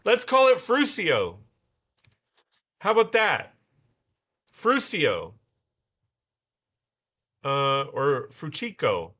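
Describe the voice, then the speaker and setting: Lively, bright-voiced man streaming. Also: on the high side, slow. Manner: muttering to himself, swearing, trying out pronunciations. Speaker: livestream host. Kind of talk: casual livestream chat while building.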